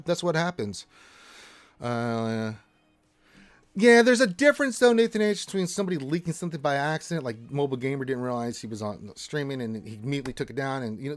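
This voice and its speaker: A man's voice: medium pitch, animated, quick pace, dry recording. A man hosting a casual gaming livestream, reading chat in a blunt, emphatic, rambling manner.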